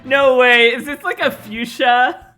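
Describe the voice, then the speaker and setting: A woman's voice: sits high, measured pace, a bit bright, faint music behind. A woman with an American accent, streaming and chatting casually with friends while they play a game, laughing and swearing freely.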